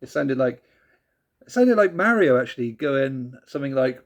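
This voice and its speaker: A man's voice: mid-range voice, expressive, normal speed. A man casually reviewing music tracks, laid-back and rambling, who laughs often and swears casually.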